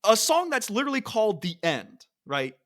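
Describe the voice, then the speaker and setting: Excited man beatboxing song parts. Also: sits high, moderate pace. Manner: enthusiastic, sings and beatboxes parts of songs. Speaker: podcast co-host. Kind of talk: casual chat.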